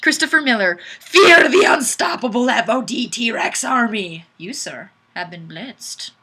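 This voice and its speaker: A playful woman hosts a live webcam chat and reads viewer comments with a giggly, sing-song delivery. Her voice sits fairly high and bright, and her pitch swings widely. She takes her time, speaking at an unhurried pace. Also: expressive, husky. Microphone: webcam microphone.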